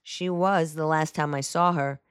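A woman voicing a spirited young woman who teases with lively, mocking banter. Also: deep voice, unhurried, smooth, no echo, studio quality. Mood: teasing.

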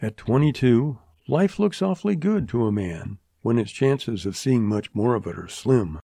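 A male narrator reading a western novel in a steady, measured way. His voice is mellow and warm, mid-pitched for a man. The recording is dry and close, with no room sound. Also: vocal fry, dry recording. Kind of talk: scripted audiobook narration.

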